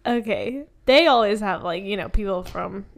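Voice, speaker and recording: A woman co-hosting a podcast in casual chat, bubbly and quick to laugh. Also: gravelly. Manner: bubbly, laughs often, high squeals when excited. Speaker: podcast co-host.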